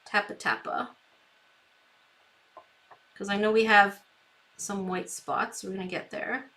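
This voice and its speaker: Female craft streamer, chatty, giggly, slow pace, bright tone. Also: mid-range voice, steady tone. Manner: chatty, talks to herself, giggles often; reads viewer comments aloud. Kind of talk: live painting tutorial chat.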